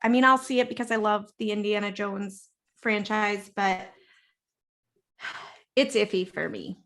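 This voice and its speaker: A woman's voice: medium pitch, fairly even intonation, unhurried, fairly bright tone. A woman co-hosting a casual, tipsy movie review podcast, joking wryly, laughing and swearing. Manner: wry, laughing, profane. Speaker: podcast co-host.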